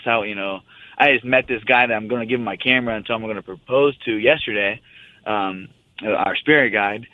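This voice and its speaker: A man's voice: on the low side, a little fast, no room sound. A young man calling in to a casual radio interview, talking in a rambling, loose and profane way. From United States. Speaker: guest fighter. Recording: tinny phone line.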